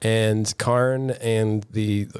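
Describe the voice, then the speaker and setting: A man with a lowish voice, talking casually on a podcast. He recaps in long, winding sentences and laughs easily. The sound is dry and close. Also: fairly even intonation, darkish tone, clear, resonant tone, dry recording. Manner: rambling recaps, quick to laugh. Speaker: podcast co-host. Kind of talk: casual chat.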